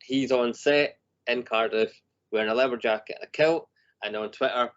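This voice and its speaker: A man's voice: medium pitch, fairly even intonation, moderate pace, fairly bright tone. Chatty man with a ready laugh. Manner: chatty, laughs often, rambling restarts. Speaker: filmmaker guest. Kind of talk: casual chat. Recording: dull lo-fi podcast audio.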